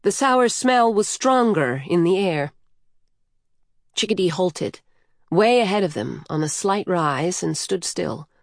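A woman reading a novel aloud in measured, even storytelling. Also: on the low side, dry recording, clean studio sound. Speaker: audiobook narrator. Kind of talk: scripted narration.

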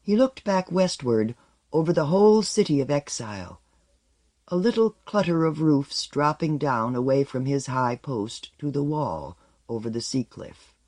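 A man narrating an audiobook in a measured, expressive storytelling manner, letting his lines fall away at the ends. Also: mid-range voice.

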